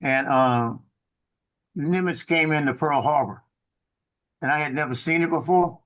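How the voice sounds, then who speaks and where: A middle-aged man speaks in casual conversation, a military veteran recalling his service. His voice sits a little high for a man, and he tells his story in a rambling way, leaning on fillers and tag questions. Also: a little slow, fairly bright tone. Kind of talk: casual chat.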